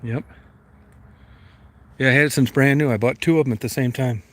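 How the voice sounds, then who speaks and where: The voice is mid-range, steady and fairly quick: a middle-aged vlogger making casual, plain-spoken small talk by an old van, folksy with an occasional swear word. Engines and other vehicle noise run through this noisy outdoor recording.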